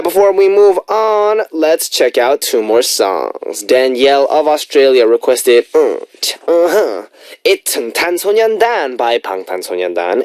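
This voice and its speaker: A man's voice: medium pitch, a little mellow, dry recording. A man hosting a music radio show, chatting casually and playfully between songs in a studio. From United States. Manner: chatty, playful, upbeat asides. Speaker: radio DJ and host.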